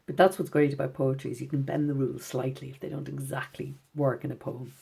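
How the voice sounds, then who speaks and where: A woman, a poet giving a gentle, encouraging recorded lesson for schoolchildren, reading her poems out slowly. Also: rumbling low, little pitch movement, gravelly, slightly rough. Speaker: poet teaching children.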